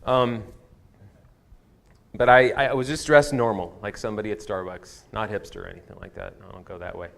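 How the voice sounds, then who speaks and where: A man's voice: on the low side, steady tone, a little fast, gravelly, fairly bright tone. Candid storytelling male pastor. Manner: candid, personal storytelling, self-deprecating. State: tearful at times. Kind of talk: sermon. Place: church sanctuary.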